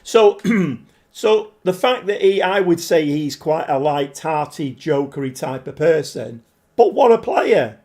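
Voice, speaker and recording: A man live-streaming a game, chatting to viewers and getting easily frustrated, his voice a bit hoarse. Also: a little high, lively intonation, slow, a little mellow. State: voice struggling, slightly hoarse. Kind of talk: live-stream commentary while playing.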